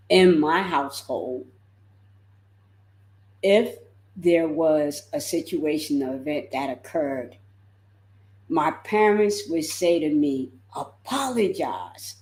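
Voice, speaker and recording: A woman coaching her viewers in a motivational livestream, speaking slowly and leaning on repeated words for emphasis. Her voice sits a bit low and carries a roomy echo. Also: warm tone. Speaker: life coach.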